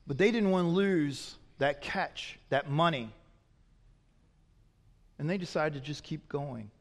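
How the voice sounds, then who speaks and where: A man's voice: slow pace, pauses often. Emphatic pastor man, echoing hall. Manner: swings from loud emphatic peaks to quiet low asides. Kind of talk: sermon.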